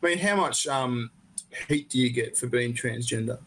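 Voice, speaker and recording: A man with a mid-range, fairly bright voice hosts a casual, crude interview at normal speed. He fires blunt, joking questions at his guest, often stumbling over and repeating his words.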